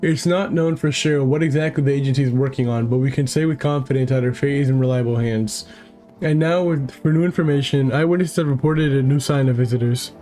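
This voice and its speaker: A man's voice: medium pitch, fairly quick, mellow, faint music behind, natural voice. A man voicing an official news announcer in a horror game, reading out a bulletin. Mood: formal. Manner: read-out bulletin delivery.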